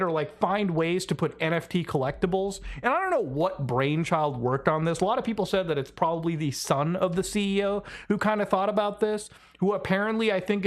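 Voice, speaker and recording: A man on a casual podcast, explaining his frustration in long, rambling sentences full of "like" and "you know". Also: fairly high pitch. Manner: rambling, frustrated, lots of fillers.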